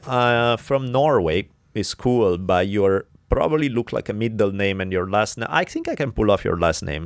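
A man's voice: on the low side, expressive, normal speed, few pauses, no echo, studio quality. A man with an Italian accent hosting a podcast, reading sponsors and donor names in a loose, joking way. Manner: loose, joking, swears, stumbles over names. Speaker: podcast host. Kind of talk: casual podcast chat and sponsor reads.

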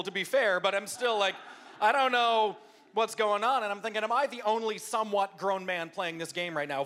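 A man preaching as a pastor to a live church audience, telling a funny self-deprecating story with lively impressions. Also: high voice. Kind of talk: humorous storytelling sermon.

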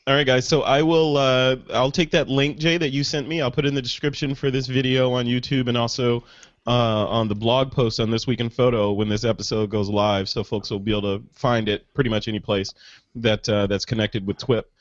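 A man hosts a casual photography podcast in a mid-pitched voice, talking with rambling enthusiasm. The sound is dry and a little dull, like a remote call. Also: level tone, brisk, dry recording. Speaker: podcast host. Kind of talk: casual interview chat.

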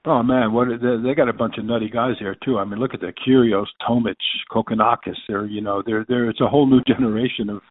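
A man's voice: mid-range voice, steady tone, quick pace, hardly any pauses. A man as a tennis journalist guest on the phone, rambling with lots of fillers and restarts. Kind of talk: phone interview. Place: phone line from afar. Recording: tinny phone line.

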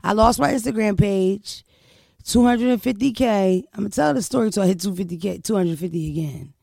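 Brash, profane woman with a gravelly edge. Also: mid-range voice, brisk, no room sound, clean studio sound. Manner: brash, profane, animated storytelling. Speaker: podcast host. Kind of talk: casual storytelling chat.

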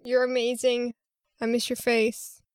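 A woman's voice: fairly high pitch, completely flat delivery, a little slow, darkish tone, smooth, no room sound, studio quality. A woman co-hosting a casual podcast, playful and giggly with the listeners. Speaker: podcast co-host.

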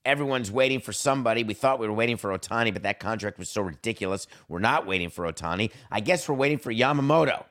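A middle-aged man hosting a solo sports podcast, talking in a jokey, theatrical way and swinging his pitch up for emphasis. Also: lively intonation, fast talker, few pauses, a bit bright. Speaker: podcast host.

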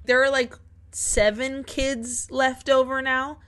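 A woman co-hosting a podcast, retelling a film's plot in a lively, casual way, acting out the characters' lines and swearing freely. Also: high-pitched, takes it slowly, clear, resonant tone. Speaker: podcast co-host. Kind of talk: casual film recap chat.

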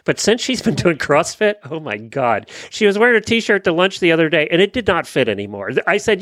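A man's voice: a little high, sing-song, fairly quick, few pauses, dry recording. Easygoing man hosting, dry close sound. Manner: easygoing, plugs and shout-outs. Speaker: podcast host. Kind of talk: casual chat.

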